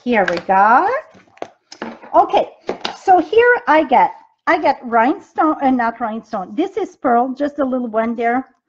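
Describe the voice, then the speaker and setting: High-voiced, unhurried woman demoing crafts. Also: lively intonation, breathy edge, highs cut off. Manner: chatty, talks straight to viewers, explains as she works; loose grammar with frequent ums. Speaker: craft demonstrator and team leader. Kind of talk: live-streamed craft demo. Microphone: device mic from a live video stream.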